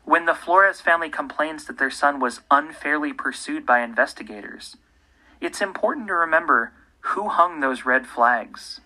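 A man, the host, giving scripted true-crime narration in a measured, pointed way. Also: a little high, lively intonation, sharp tone, poor audio. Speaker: podcast host.

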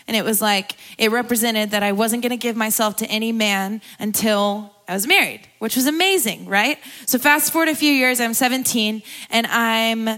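With a voice on the high side and a sharp tone, a young woman preaches as a guest speaker at a church gathering. Her personal testimony is candid and conversational, full of laughter and sometimes tearful.

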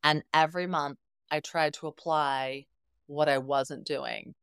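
Speaking at a measured pace with fairly even intonation, this therapist guest on a podcast uses a low, clean-toned voice as she expressively performs the dialogue in her stories. She's middle-aged, and the studio-quality audio has no room sound.

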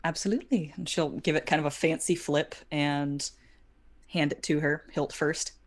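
A woman's voice: low voice, fairly even intonation, normal speed. A woman playing her character in a tabletop game, talking hesitantly and with laughs. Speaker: player.

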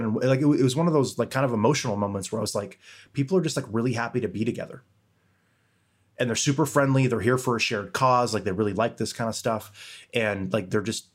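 A young man co-hosting a podcast, talking candidly in a rambling way and swearing casually. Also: medium pitch. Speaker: podcast co-host.

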